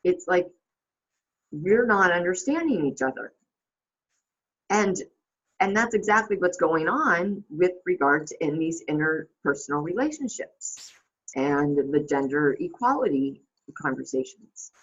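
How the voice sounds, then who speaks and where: A woman's voice: fairly low pitch, lively intonation, measured pace, husky, highs cut off. A woman hosting a casual reflective monologue, rambling with many fillers and restarts. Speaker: host.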